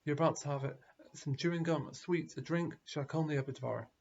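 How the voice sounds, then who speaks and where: Husky rabbi telling a story. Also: male voice, on the high side, a little fast, muffled recording. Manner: animated storytelling. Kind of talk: sermon with storytelling.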